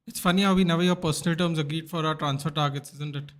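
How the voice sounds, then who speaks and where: A man's voice: on the high side, quick pace. A man hosting a live football watchalong, chatting casually with viewers and reading out their comments. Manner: chatty, rambling, reads out viewer comments and answers them; bursts into loud excited shouts at near misses. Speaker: livestream host.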